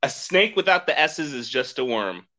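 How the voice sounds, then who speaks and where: A man hosting a podcast in casual chat, rambling and excitable and laughing often. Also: medium pitch, normal speed. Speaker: podcast host.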